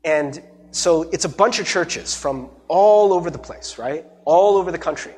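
A man pastor giving a sermon, telling a personal story in an animated way, laughing often and acting out the people he quotes. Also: a little high, normal speed.

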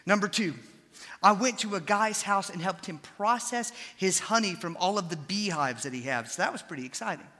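A young adult man preaching a sermon, switching between scripture and animated, folksy storytelling asides. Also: high voice, fairly quick, in a large hall.

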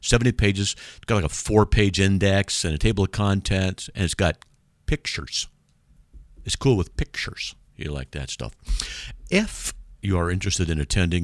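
A man's voice: low-pitched, dry recording. A man hosting a casual radio call-in show, joking and laughing at himself as he talks to listeners from the studio. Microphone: studio microphone.

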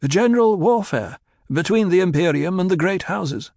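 Blunt, gruff desert planetologist, high raised voice, done by a male narrator. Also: lively intonation, normal speed, darkish tone, no echo, studio quality, exaggerated voice. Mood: curt.

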